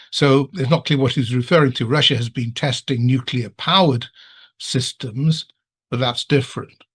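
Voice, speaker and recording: An older man from England, a war studies professor, answering interview questions in a measured way with frequent ums, heard over a video call. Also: mid-range voice, a bit bright. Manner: measured, hesitant with many ums and uhs.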